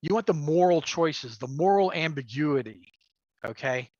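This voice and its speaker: A man's voice: fairly high pitch, animated, moderate pace, darkish tone, dry recording. Rambling middle-aged man, dull lo-fi sound. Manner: rambling, many fillers, laughs often. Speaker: guest, game master and crafter. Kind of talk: casual livestream chat.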